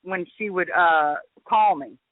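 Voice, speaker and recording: Woman host, casual storyteller with lively quoted voices, phone-line sound, dry. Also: takes it slowly, dry recording. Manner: animated, jumps into high voice when quoting.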